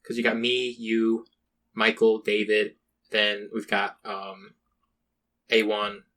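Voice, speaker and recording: A man's voice: fairly low pitch, completely flat delivery, slow, a bit bright. A young man co-hosting a podcast, telling a rambling story with lots of swearing and acted-out quotes. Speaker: podcast co-host. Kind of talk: casual chat.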